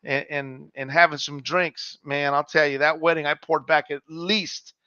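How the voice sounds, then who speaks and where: A man's voice: on the high side, steady tone, moderate pace, bright, forceful tone, clean tone, no room sound, lo-fi sound. A middle-aged man co-hosting a podcast, chatting casually, swearing freely and calling his friend "man" and "dog". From Mexican heritage. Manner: laid-back storyteller, swears freely, says "man" and "dog". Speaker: podcast co-host.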